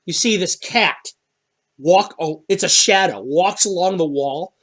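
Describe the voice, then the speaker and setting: A man's voice: sits high, measured pace, fairly bright tone. Man narrating a tabletop game. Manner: casual, vivid scene narration. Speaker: game master.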